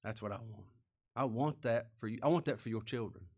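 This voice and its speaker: A man's voice: mid-range voice, brisk, slightly rough. Folksy preaching man. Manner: preaching with rhetorical questions and sudden drops to a hush; folksy, plain-spoken. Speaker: pastor. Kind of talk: sermon.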